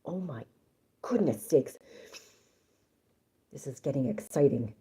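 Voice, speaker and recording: A woman's voice: rumbling low, lively intonation, slow, long pauses, mellow. A woman reading a story aloud on a live stream in a chatty, playful way, breaking off for jokes and asides. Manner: chatty, playful, swears and jokes between passages.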